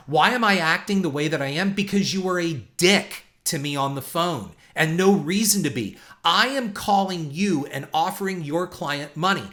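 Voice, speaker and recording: A man's voice: a little high, lively intonation, moderate pace, few pauses, sharp tone. A man hosting a podcast, telling industry stories in a blunt, profane monologue. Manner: blunt, profane, storytelling with quoted exchanges. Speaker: podcast host and filmmaker.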